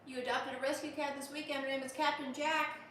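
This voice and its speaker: A woman's voice: sits high, level tone, quick pace, a bit bright, recorded from a distance, a little hiss or hum. An American woman in her thirties hosting a casual livestream, joking and thanking viewers by name in a wry tone. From United States. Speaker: livestream host reading viewer comments. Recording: roomy echo from off-mic.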